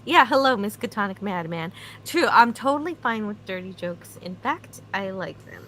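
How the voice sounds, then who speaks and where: A woman's voice: mid-range voice, lively intonation, normal speed, fairly bright tone, slight background noise, rough recording. A woman talking casually in a group live stream and reading out chat comments. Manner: chatty, reads chat comments aloud.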